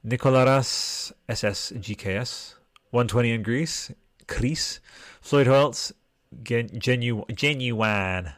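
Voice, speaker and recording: He takes it slowly in a mid-range voice, a weary livestream podcast host meandering through viewer comments and swearing as he goes. The recording is dry and studio quality, from a desktop mic with headphones.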